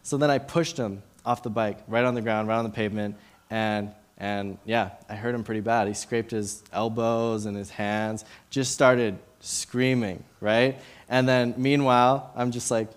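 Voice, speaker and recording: A Bible teacher in his late twenties, speaking a little slowly in a middle-pitched male voice, casually talks through a scripture passage and shares a personal story. He restarts sentences often and leans heavily on fillers like um and like.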